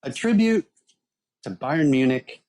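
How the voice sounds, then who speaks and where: A man's voice: on the high side, expressive, slow, a little mellow, poor audio. A man co-hosting a podcast in casual chat, easygoing and using fillers. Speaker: podcast co-host.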